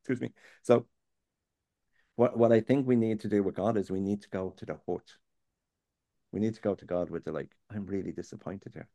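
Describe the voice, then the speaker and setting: A man's voice: on the low side, steady tone, normal speed, long pauses, mellow, dry recording. A man, talking earnestly and plainly as a guest on a faith topic, sometimes digressing. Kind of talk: candid conversational chat.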